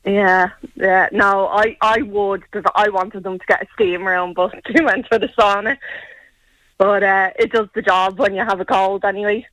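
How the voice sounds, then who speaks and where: Chatty guy on the radio, relaxed, dry studio mic. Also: high-pitched, moderate pace, dry recording, poor audio. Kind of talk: casual chat.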